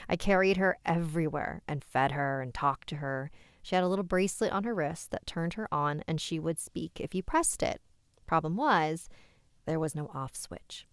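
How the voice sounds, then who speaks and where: A woman's voice: sits low, smooth, no room sound, clean studio sound. A woman hosting a live stream, reading listener-submitted scary stories aloud with chatty asides.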